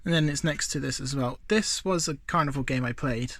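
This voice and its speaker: A man's voice: mid-range voice, a little fast, fairly bright tone. A man talking casually while showing off his collectible collection, rambling with asides, filming on a handheld phone indoors at home. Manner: chatty and rambling, many fillers and asides. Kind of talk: casual show-and-tell vlog.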